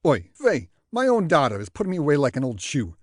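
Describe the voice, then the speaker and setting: Guy putting on a crotchety old new york sax player, loud and grumbly, pitch bouncing all over. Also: wildly swooping pitch, no room sound, studio quality. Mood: grumpy. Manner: loud, grumbling, quick retorts.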